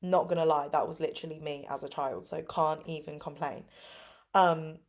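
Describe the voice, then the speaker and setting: A woman's voice: steady tone, normal speed. A woman in her twenties from England, chatting casually about her teaching days in an upbeat, filler-heavy way. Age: 20s. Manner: upbeat, lots of fillers, acts out kids' voices with big pitch jumps. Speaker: English teacher vlogger. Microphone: phone camera.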